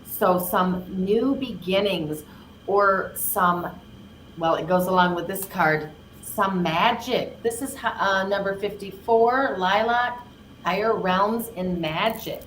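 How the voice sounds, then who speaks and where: A woman's voice: mid-range voice, slow pace, a bit bright. A gushing older woman reads cards casually and draws out her key words. Her voice rings in a roomy space, with a faint hiss behind it. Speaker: card reader co-host. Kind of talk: casual live card reading. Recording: roomy, faint background noise.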